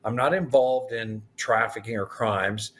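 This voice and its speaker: A man's voice: mid-range voice, measured pace, fairly bright tone. A man, a guest in an interview, retelling events animatedly and acting out the dialogue. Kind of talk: storytelling in an interview.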